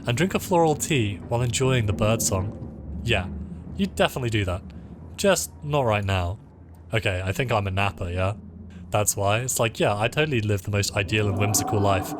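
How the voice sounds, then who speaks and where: A man playing through a story game, reading its narration aloud and dropping into loose, joking asides between passages. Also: medium pitch. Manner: reads narration in an even voice, then drops into loose, joking asides. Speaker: let's-play host. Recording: noticeable background noise.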